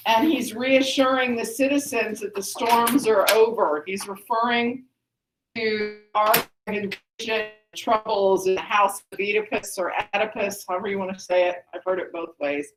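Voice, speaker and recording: A woman's voice: mid-range voice, slight background noise. A woman teacher explaining a play to students in a classroom, often checking with "okay?". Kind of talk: classroom lesson. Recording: echoey classroom.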